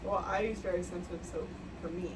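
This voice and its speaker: A woman's voice: lowish voice, fairly even intonation, brisk. A woman co-hosting a podcast, chatting casually and rambling with fillers and giggles. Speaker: podcast co-host. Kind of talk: casual chat. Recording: distant mic with clear background noise.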